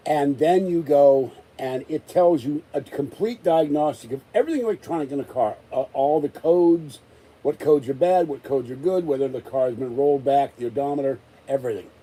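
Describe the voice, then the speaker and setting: A man's voice: fairly high pitch, normal speed, warm tone, rough recording. A man ranting in a rambling, exasperated way during a casual live-stream chat, still recovering from an illness. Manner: exasperated, rambling rant with many restarts. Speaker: vlogger.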